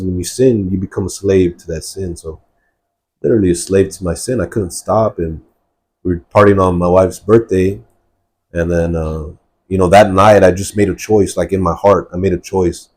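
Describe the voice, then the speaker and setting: A man with a low, dark voice tells his life story in a podcast interview. He talks earnestly and rambles, with a husky edge and many fillers. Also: moderate pace. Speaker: guest sharing testimony. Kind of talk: personal testimony in a podcast interview.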